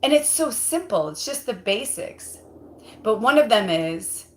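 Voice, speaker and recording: A woman's voice: fairly high pitch, very animated, measured pace, echoey room, a little hiss or hum. A woman hosting a casual livestream as a spiritual medium, talking in a rambling, heartfelt way with lots of fillers and asides.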